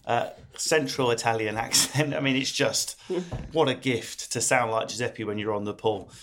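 A man with an Essex accent hosting a comedic podcast, talking in quick, jokey banter. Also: mid-range voice, steady tone, a bit bright, a little hiss or hum. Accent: Essex English. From Essex, England. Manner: quick, jokey banter with playful put-on voices. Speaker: podcast host.

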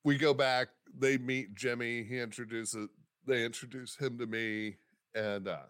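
Dry-sounding comedian telling stories. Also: male voice, medium pitch, a little slow, no echo. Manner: animated, acts out quoted voices, swears casually. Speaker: stand-up comedian guest. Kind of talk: casual storytelling interview.

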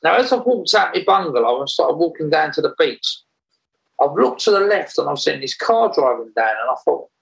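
A man recounting a story in a casual interview, animated and rambling, often laughing as he talks. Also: on the high side, a little fast, creaky, low-quality recording. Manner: animated, laughs while telling, rambling restarts. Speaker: interview guest.

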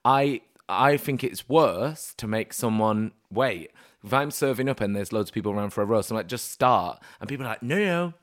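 Young guy, lowish voice, rambling story mode, does little voices for people. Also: expressive, brisk. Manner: chatty storyteller, acts out voices in anecdotes. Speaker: guest. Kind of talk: casual podcast chat.

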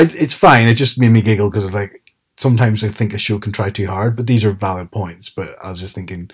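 A man's voice: on the low side, husky. A man chatting casually as a podcast co-host, retelling TV scenes with quoted lines. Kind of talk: casual chat.

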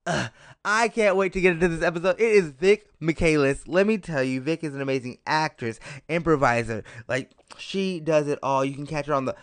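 A young man hosting a casual podcast, excitable and gushing, swearing and laughing often. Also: fairly high pitch, clean tone, dry recording. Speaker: podcast host. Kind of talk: casual chat.

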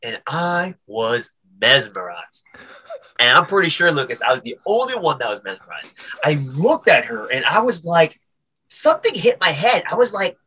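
A man's voice: a little high, normal speed, breathy edge. A man, a comedian and podcast guest, telling stories in a casual interview, with lots of stammered restarts. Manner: animated, stammering restarts, acts out voices.

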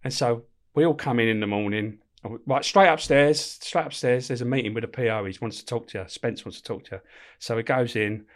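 A man's voice: mid-range voice, brisk. Middle-aged man telling blunt prison stories. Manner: swearing, laughing, acts out voices. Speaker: former prison officer, guest. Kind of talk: casual anecdotal storytelling.

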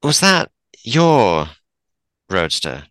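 A man playing prim Vera Bright, low and bright. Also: huge pitch swings, extremely slow, no room sound, exaggerated voice, low-quality recording. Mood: prickly. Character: Vera Bright, a prim polite woman investigator. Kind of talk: in-character tabletop role-play.

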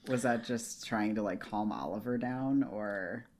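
Female podcast co-host, unhurried and dryly amused, casual chat. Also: a bass voice, a little mellow, a little hiss or hum. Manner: slow, musing, wry. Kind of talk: casual book discussion podcast.

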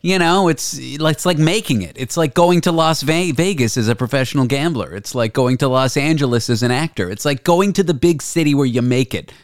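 A male podcast host in casual chat, with a mid-range voice and a dry, close sound. He cuts into the story with wry jokes and quick reactions. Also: medium pitch, no room sound. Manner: wry, joking asides.

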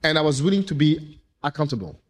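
A man, an entrepreneur, speaking casually to an audience, telling animated, rambling stories with playful swearing. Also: fairly high pitch, fast talker. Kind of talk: casual storytelling talk. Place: event room with audience.

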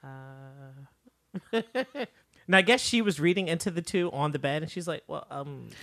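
Podcast cohost, kinda low but bright voice, trails off, dry mic. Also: female voice, measured pace, dry recording. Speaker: podcast co-host. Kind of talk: casual chat.

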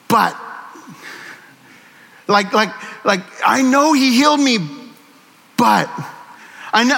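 A man's voice: very high voice, sharp tone, long reverb tail. A man preaching a conversational sermon, earnest and candid, with self-deprecating humor, in a church sanctuary. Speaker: pastor.

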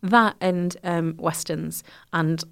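Low-voiced laughing woman storyteller. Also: slow, creaky. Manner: animated storyteller, laughing as she talks. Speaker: comedian guest. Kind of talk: casual interview chat.

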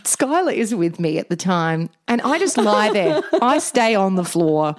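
Woman, 30s, podcast co-host; animated storyteller with a lively, swooping pitch who acts out every quote. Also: unhurried. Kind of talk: casual chat, storytelling.

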